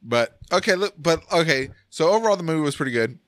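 A man's voice: fairly high pitch, fast, no room sound. Guy ranting about a movie on a podcast, laughs a lot, dry close mic. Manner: animated, rambling, laughs often. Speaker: podcast host. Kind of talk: casual movie review chat.

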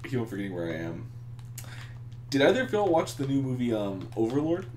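A man's voice: mid-range voice, a little fast, reverberant, slight background noise. A man chatting casually while playing a game with friends, laughing often and ranting about movies. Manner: giggly, ranting, animated. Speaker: let's play gamer. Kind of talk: casual gaming chat.

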